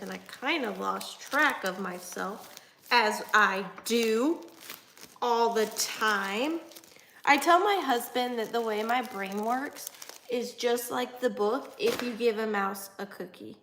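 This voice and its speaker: Chatty excitable woman, bright voice. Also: on the high side, takes it slowly, roomy sound, a little hiss or hum. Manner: chatty, excitable, jumps between topics. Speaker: antique reseller hosting a livestream. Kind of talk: casual live chat with viewers.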